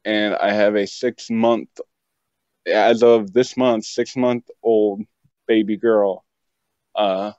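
A young man from West Virginia chats as a podcast guest, rambling and cracking jokes. His voice sits low and the sound is muffled and lo-fi. The recording is dry, with no room echo. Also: takes it slowly. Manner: joking, rambling, animated asides. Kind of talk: casual chat.

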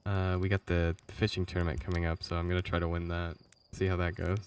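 A man's voice: deep voice, fairly even intonation, fairly quick, few pauses, smooth. A sleepy man chatting casually while streaming a game live, chuckling often. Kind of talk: live gameplay stream commentary. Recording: slightly distant mic, faint background noise.

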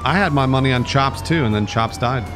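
A man's voice: medium pitch, fairly quick. A man streaming a video game live, ranting with exasperated sarcasm over his gameplay. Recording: game noise and sirens behind voice.

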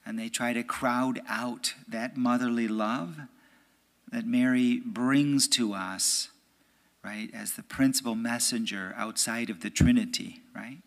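A priest, an American man, giving a conversational homily in church. He keeps checking in with "right?" and sometimes drops to a hushed, near-whispered voice. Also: medium pitch, fairly even intonation, slow pace, creaky. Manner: conversational, often asks "right?". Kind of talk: homily at a prayer meeting.

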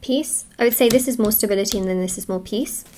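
A woman's voice: medium pitch, fast, noisy background. A woman giving a tarot love reading to her viewers, reassuring and emotional as she speaks to them directly. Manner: warm, reassuring, emotional pep talk. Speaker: tarot reader. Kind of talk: casual tarot reading to camera.

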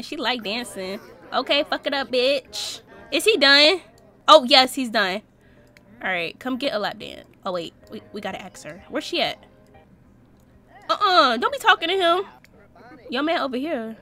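Young woman, high bright voice, lively pitch swings, slangy gameplay commentary, animated. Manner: animated, slangy, laughing at the game. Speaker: Sims let's-play host.

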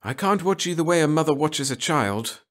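A man's voice: on the high side, lively intonation, moderate pace, a bit bright, pitched above the performer's own voice. A man doing a cold, efficient woman agent. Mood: cool, scolding. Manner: crisp, cutting, unsentimental. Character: cool efficient female agent, sharp-tongued.

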